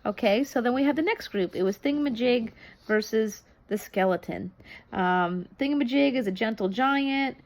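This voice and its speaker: A woman in her thirties talks casually to camera, reviewing a TV episode. Her voice sits a little high, and she rambles, filling gaps with ums and starting phrases over. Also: normal speed. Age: 30s. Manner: rambling, many ums and restarts. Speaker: vlogger reviewing a TV show. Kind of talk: casual chat.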